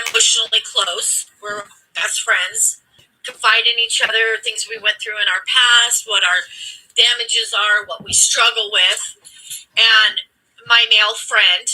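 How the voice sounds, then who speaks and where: A woman's voice: fairly high pitch, fairly even intonation, unhurried, bright, forceful tone, husky, low-quality recording. A woman host telling a story with emphatic, blunt, profane delivery, acting out the dialogue as she goes. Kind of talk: impassioned storytelling commentary.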